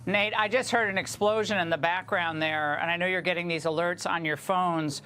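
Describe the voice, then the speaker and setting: A woman's voice: fairly low pitch, fairly even intonation, moderate pace, bright, forceful tone, a little hiss or hum. A woman anchoring the news, asking a reporter questions with some hesitation. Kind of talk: live news interview.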